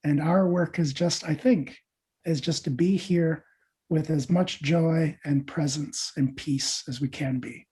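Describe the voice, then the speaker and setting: Husky, dark-voiced man telling a parable. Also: fairly high pitch, unhurried. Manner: animated storyteller, lively asides to listeners. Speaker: podcast guest, meditation teacher.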